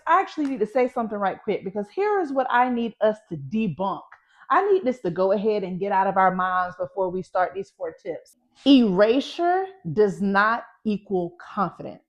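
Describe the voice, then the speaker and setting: A Southern American woman in her thirties, a public speaking coach teaching energetically to camera, emphatic and folksy, repeating her key points. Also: mid-range voice. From Southern United States. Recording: muffled, lo-fi recording.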